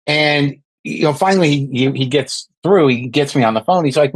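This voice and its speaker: A man's voice: medium pitch, a little fast, few pauses, dry recording, rough recording. A man in his sixties, a podcast guest, talking in a rambling, self-deprecating way with lots of restarts. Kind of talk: casual podcast chat.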